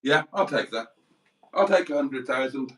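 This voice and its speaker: A man's voice: medium pitch, expressive, normal speed, a bit bright. A British man hosting a livestream, joking and teasing his co-host with mischievous banter.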